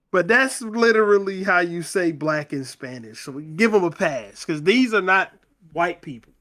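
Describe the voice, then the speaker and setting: A man with a slightly higher voice takes his time walking listeners through a novel's chapters. He reads the dialogue plainly, without doing voices, and keeps an unhurried, conversational pace. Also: expressive, pushed and bright. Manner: slow, conversational retelling with quoted dialogue read in plain voice. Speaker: book club podcast host. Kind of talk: reading and retelling a novel in casual chat.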